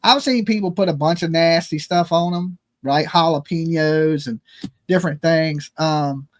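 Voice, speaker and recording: A man's voice: fairly high pitch, normal speed, slight background noise. A man hosting a livestream in casual joking chat, loose and rambling, swearing freely as he banters. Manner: loose, rambling and profane, jokey phone-prank banter. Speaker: streamer host.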